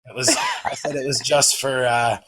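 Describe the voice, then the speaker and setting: A man's voice: mid-range voice, little pitch movement, normal speed. A man chatting as a podcast guest, loose and profane as he spins funny stories about parenting. His voice sits mid-range. A faint hiss runs under the recording. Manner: profane, joking storyteller. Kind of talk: casual chat.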